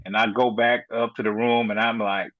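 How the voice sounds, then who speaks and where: A middle-aged man, a podcast guest, telling his story in a casual, animated way, filling it with "you know" and acted-out quotes. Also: fairly low pitch, normal speed, no room sound, muffled recording.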